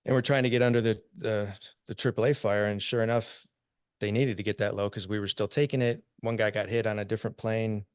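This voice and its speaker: A man's voice: on the low side, level tone, a little fast, clean tone, dry recording, clean studio sound. An American man in his fifties, a podcast guest telling war stories in a casual, laughing way. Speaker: podcast guest, army veteran. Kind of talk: casual storytelling.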